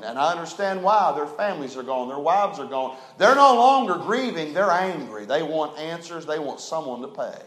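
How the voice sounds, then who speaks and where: A man preaching a sermon as pastor, telling stories folksily and swinging from loud emphasis to a hushed low voice. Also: lively intonation, moderate pace, few pauses, echoey room, poor audio.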